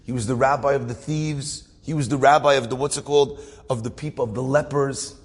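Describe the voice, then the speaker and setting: A man telling a story in a lively sermon, with asides, acting out voices. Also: mid-range voice, fairly quick, husky, big-room sound. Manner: animated storyteller with asides and laughs.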